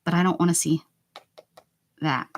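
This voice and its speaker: While working on an art journal page during a casual stream, a woman playfully talks to her viewers, exclaiming and joking as she reads the chat. Her voice sits on the low side with fairly even intonation at normal speed, and a little hiss or hum is audible.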